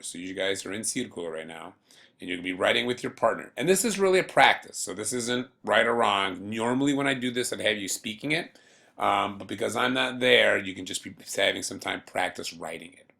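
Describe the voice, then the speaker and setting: A man teaching a beginner Spanish lesson to students at home, speaking patiently and slowly and repeating words for learners. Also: lowish voice, lively intonation, vocal fry, bright, forceful tone. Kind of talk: recorded remote classroom lesson.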